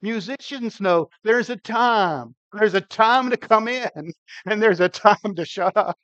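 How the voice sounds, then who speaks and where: An older man preaching a sermon with emphatic, dynamic delivery, his loudness swinging widely. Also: sits high, takes it slowly, dry recording. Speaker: pastor.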